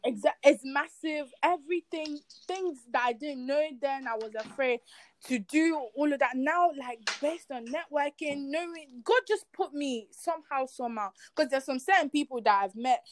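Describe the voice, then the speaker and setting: A young woman from Nigeria, a guest in a casual interview, telling her story with lively quoted voices and earnest faith talk. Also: high voice, moderate pace, a little hiss or hum. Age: young adult.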